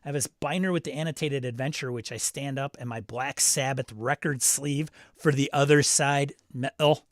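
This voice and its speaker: A man's voice: medium pitch, moderate pace, few pauses, no room sound, clean studio sound. Chatty man hosting a live stream. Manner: chatty, self-interrupting, reacts aloud to tech trouble. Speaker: stream host. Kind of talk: live stream chat reading viewer comments.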